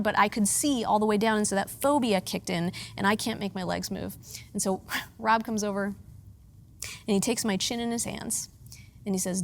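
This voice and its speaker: A woman in her thirties from the Pittsburgh area, preaching a storytelling sermon with self-mocking humor that turns earnest and hushed. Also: fairly high pitch, a little hiss or hum.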